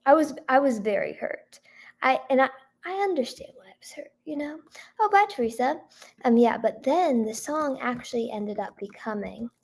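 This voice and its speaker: Hoarse young-sounding woman chatting to her stream. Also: fairly high pitch, a little mellow. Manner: chatty, lots of "like" and "um", thanks viewers by name. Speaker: singer-songwriter streaming to her chat. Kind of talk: casual livestream chat.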